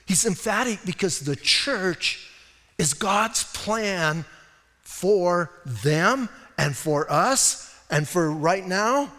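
A man's voice: high voice, pushed and bright. Emphatic male pastor in a reverberant hall. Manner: emphatic and conversational, repeats "listen", acts out little scenes. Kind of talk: sermon.

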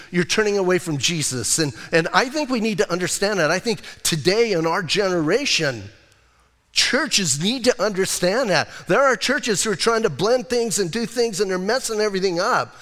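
A man's voice: high voice, expressive, moderate pace, a bit bright. An older man, a pastor, preaching a sermon in a conversational way with rhetorical asides. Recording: long hall reverb.

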